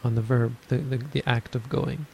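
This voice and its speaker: A man giving a dharma talk on meditation, explaining in a measured way and thinking aloud as he goes. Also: mid-range voice, fairly even intonation, gravelly, slight background noise, low-quality recording. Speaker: meditation teacher.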